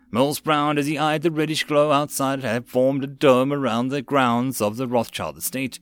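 A man reading a web novel audiobook in a steady narrating voice. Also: mid-range voice, normal speed, few pauses, clean tone.

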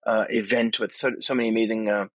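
A man's voice: fairly low pitch, level tone, quick pace, no echo. A man hosting a podcast, talking casually and enthusiastically on location at a conference, rambling with many fillers and restarts. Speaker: podcast host. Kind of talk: casual spoken monologue. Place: on location at a tech conference abroad.

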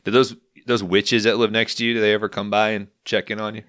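A man with a deep voice and a bright, forceful edge, recapping a movie in loose, profane storytelling. He talks casually and crudely, like a host walking his co-hosts through the plot. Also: level tone, fast. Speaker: podcast host.

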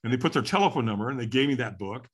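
In an animated, rapid-fire, slightly rough voice of medium pitch, an older man from California tells his story as an interview guest. He is earnest and candid, speaking his past thoughts aloud.

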